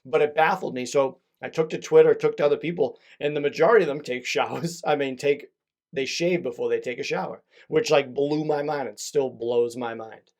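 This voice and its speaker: A man's voice: medium pitch, brisk, darkish tone. A young man hosting a solo podcast, talking casually in a rambling, self-deprecating way and swearing freely. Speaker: podcast host.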